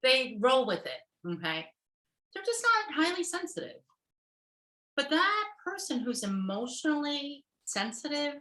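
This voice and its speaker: American woman therapist, workshop lecture over video call; bright voice, slow pace, echoey room. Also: on the high side. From United States. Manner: checks in often with "okay?" and "right?". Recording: roomy echo.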